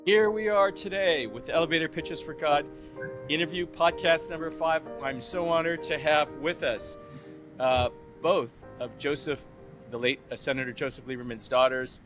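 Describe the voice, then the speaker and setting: Animated man in his sixties hosting a podcast. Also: on the high side, moderate pace, music in the background. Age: 60s. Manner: animated, retells phone calls with lively imitated voices. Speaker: podcast host. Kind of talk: casual interview.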